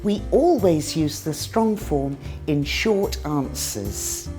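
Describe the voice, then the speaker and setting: British woman, English teacher, unhurried, clear exaggerated modelling of words. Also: sits low, animated, mellow, soft background music. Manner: careful, exaggerated demonstrations of sounds. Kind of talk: scripted pronunciation lesson.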